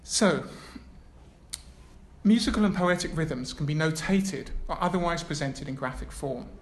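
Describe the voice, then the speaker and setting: A man's voice: fairly high pitch, animated, measured pace. A man gives an academic lecture, reading a prepared text with hesitant asides. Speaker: academic speaker. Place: lecture room. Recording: echoey room, faint background noise.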